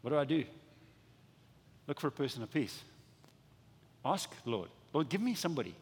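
A male pastor preaches with lively energy, slipping into voices for small imagined exchanges and tripping over his own restarts. His voice sits fairly high for a man and comes across a little husky. The sound carries a long reverb from a big church hall. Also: moderate pace. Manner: animated, acts out little dialogues with stammering restarts. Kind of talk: sermon.

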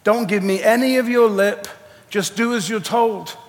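A man's voice: high-pitched, steady tone, moderate pace. A man voicing a stern divine figure who gives blunt commands. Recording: echoey hall reverb.

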